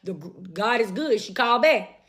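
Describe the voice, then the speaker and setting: A young woman telling a story in a profane, animated way, repeating lines for emphasis. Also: medium pitch, moderate pace. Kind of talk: casual storytime.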